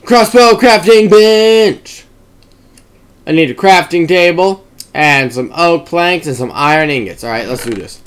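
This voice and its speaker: A young man rambling through casual gameplay commentary, swearing and breaking into excited shouts. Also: on the high side, normal speed, smooth. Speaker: gamer.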